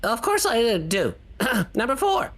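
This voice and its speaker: A woman voicing a shy, excitable teenage tiefling boy who stammers and gushes in a tabletop role-play. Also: fairly high pitch, slow, full character voice. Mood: eager. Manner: stammering, eager, gushing.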